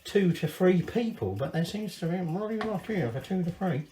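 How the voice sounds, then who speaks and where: A Scottish cooking channel host talks through a recipe in his home kitchen, chatty and rambling with cheerful sweary asides. His voice is high and animated with a dark tone at a normal pace, recorded in an echoey room with slight background noise.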